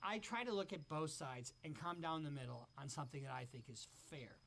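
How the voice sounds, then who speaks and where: A man hosting a reaction channel speaks in a slightly raised pitch, bluntly and with plenty of swearing. He sounds conversational and unscripted, as if thinking aloud. Faint noise sits underneath. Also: fairly quick, creaky, a bit bright. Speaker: commentary host. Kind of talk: casual reaction commentary.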